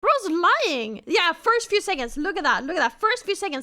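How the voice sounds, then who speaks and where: A woman's voice: very high voice, very animated, normal speed, bright, forceful tone. A woman livestreamer chatting casually with her viewers, greeting them by name and teasing them with plenty of swearing. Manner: profane, teasing banter with chat. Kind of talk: casual live-stream chat.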